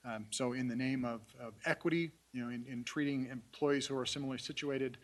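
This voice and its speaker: A man from city staff briefing a council at a public meeting, halting, with many fillers and restarts. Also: mid-range voice, fairly even intonation. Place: council chamber.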